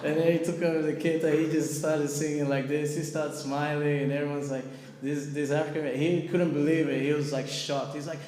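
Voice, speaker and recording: A man telling a lively story to a gathering, acting out the people in it as he goes. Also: on the high side, fairly quick. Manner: animated, acts out the people in his story. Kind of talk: storytelling talk. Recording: echoey hall, faint background noise.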